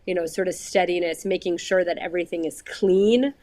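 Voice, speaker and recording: A woman sideline reporter chatting as a guest with a sports show panel, measured and thinking aloud. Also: fairly low pitch, darkish tone, dry recording. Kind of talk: casual panel chat.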